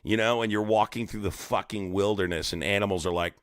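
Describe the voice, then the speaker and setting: A man's voice: on the low side, steady tone, a little fast, background noise. A man hosting a livestream, ranting in a profane, mocking, rambling way. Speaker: live streamer host. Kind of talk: casual ranting livestream commentary.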